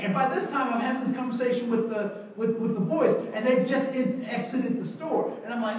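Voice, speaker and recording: A man's voice: very high voice, fairly quick, hardly any pauses, slight background noise. A man leading a training session, telling a story to a group and acting out the lines of the people in it. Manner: animated storyteller, acts out the dialogue. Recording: echoey, distant, dull sound.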